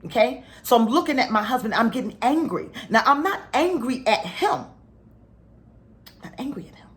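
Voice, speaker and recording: A woman's voice: a little high, lively intonation, normal speed, fairly bright tone. A middle-aged woman telling a personal story to her spiritual followers, dropping to a near whisper at heavy moments. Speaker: spiritual teacher.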